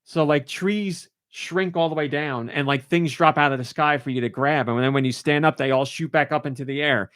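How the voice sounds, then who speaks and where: A man's voice: fairly high pitch, normal speed, hardly any pauses, a bit bright, clean tone, no room sound, clean studio sound. A man hosting a podcast, chatting casually and gushing with enthusiasm. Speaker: podcast host.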